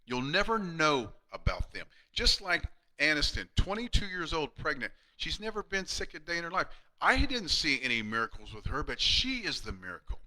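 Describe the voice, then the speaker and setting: A man in his fifties, a chiropractor giving an earnest live-streamed talk to colleagues, emphatic with many restarts and going quiet and hushed when retelling patient stories. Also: fairly high pitch, big pitch swings, moderate pace, rough recording. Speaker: chiropractor speaking to fellow chiropractors.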